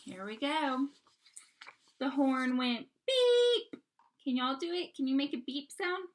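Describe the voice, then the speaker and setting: A woman's voice: sits high, a little slow. A woman teacher reading a picture book aloud to children, asking them questions and praising their answers.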